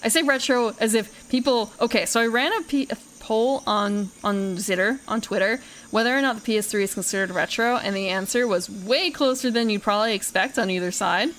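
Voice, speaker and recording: A woman's voice: on the high side, brisk, few pauses, fairly bright tone, a little hiss or hum, poor audio. A young woman streamer chatting casually through a first-time game playthrough, rambling and correcting herself as she talks. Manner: rambling and self-correcting, with frequent laughs and swearing.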